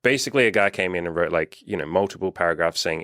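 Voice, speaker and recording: A man's voice: sits low, fast, few pauses, a bit bright, no echo, clean studio sound. A young man who works as a dating coach, talking bluntly and swearing freely in a casual podcast chat, acting out quotes in a raised voice. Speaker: dating coach and channel host.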